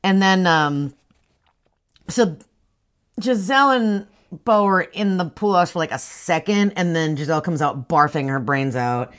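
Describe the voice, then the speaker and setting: A woman's voice: on the low side, unhurried. A woman co-hosting a casual chat, swearing freely as she recaps a story. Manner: profane, animated, acts out characters' lines. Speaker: podcast co-host.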